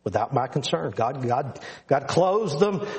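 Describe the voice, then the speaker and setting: A man's voice: mid-range voice, expressive, unhurried, darkish tone. A man preaching a sermon to his congregation in an earnest, emphatic way, repeating phrases for stress.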